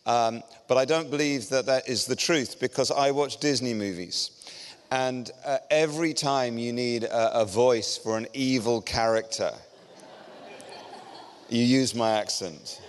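A middle-aged man with an English accent delivers a sermon to a church congregation. His voice is smooth and clear, and his manner is lively and self-deprecating. The sound carries a long reverb from a large church hall. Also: medium pitch, measured pace. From England. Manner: self-deprecating, joking and energetic. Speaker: guest preacher.

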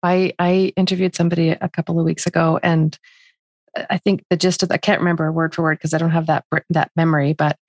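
A woman's voice: low-pitched, level tone, fast, dry recording. Earnest woman hosting an interview. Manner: earnest, emotional, reads aloud softly. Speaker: podcast host. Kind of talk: conversational interview.

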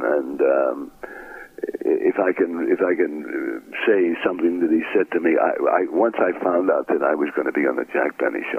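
An older man from Brooklyn, an actor, tells stories during an interview and acts out the voices of the people he quotes. His bass voice is gravelly and husky. The recording is dry but comes through a tinny, phone-like line.

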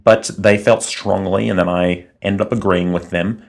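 Deep-voiced, boastful man in a comedy sketch. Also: steady tone, normal speed, gravelly. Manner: boastful, self-assured. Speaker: guest playing a celebrity actor.

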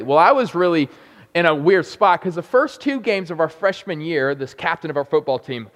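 A young adult man preaching a sermon, telling self-deprecating stories with quick asides. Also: a little high, lively intonation, fairly bright tone. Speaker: pastor. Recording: long hall reverb.

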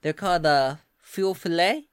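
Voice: mid-range voice, moderate pace, clear, resonant tone, no echo, natural voice. Casting: a player doing an eager Southern belle ghost-hunter girl, Southern accent, rambling, dry close mic. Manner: chatty, rambling lecturer.

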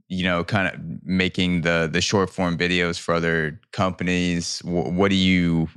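A man hosting a podcast, chatting casually and asking long, rambling questions with a relaxed, joking manner. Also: low-pitched, clean tone, no echo, studio quality. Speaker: podcast host. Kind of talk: casual interview chat.

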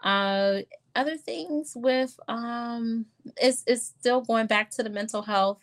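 A middle-aged woman pediatrician in a casual podcast interview, chatty and quick to laugh, often acting out her talks with patients. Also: fairly high pitch. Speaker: pediatrician guest.

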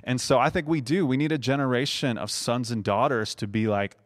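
A man's voice: mid-range voice, brisk. A young man in a casual faith conversation, talking earnestly and building to emphatic passages.

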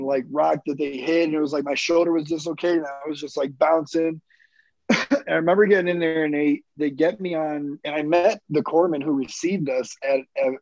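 A man in his thirties with a gravelly, fry-edged voice talks through a personal story in loose, rambling fashion, swearing freely and padding with fillers. The sound is dry and a little dull, with a lo-fi edge. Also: fairly high pitch, darkish tone, dry recording. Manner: rambling, profane, many fillers. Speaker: military veteran guest.

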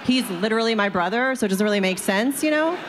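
A woman's voice: medium pitch, animated, fast, in a large hall, noisy background. A woman telling a personal story to an audience in a chatty way, filling it with "like" and acting out the people in it.

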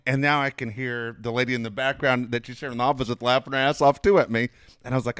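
A man's voice: medium pitch, fast talker, clean tone, dry recording. Middle-aged guy ranting thru a crazy story, cursing a lot, dry close mic. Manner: profane, animated storyteller, laughs often. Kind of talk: casual storytelling chat.

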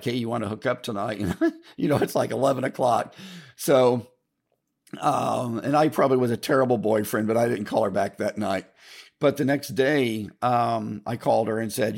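A man's voice: lowish voice, a little mellow. An older man telling a long personal story in a casual, rambling way, with restarts, mild swearing and repeated asides to "folks". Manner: keeps addressing listeners as folks. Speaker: podcast host telling a story.

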